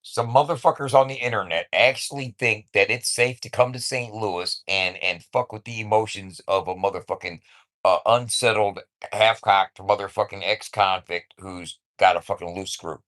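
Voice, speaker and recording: A man's voice: fairly low pitch, fairly even intonation, moderate pace, a bit bright. A man ranting casually to camera at home, swaggering and taunting with profanity and laughs. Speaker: vlogger. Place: at home with his cat.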